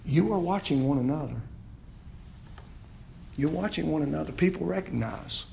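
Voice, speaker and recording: Pastor guy preaching, gravelly voice, kinda high, repeats stuff and gets loud and drawn out on the big points. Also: expressive, moderate pace, a little hiss or hum. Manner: call-and-response preaching, repeats phrases, rises to loud emphatic peaks. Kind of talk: expository sermon.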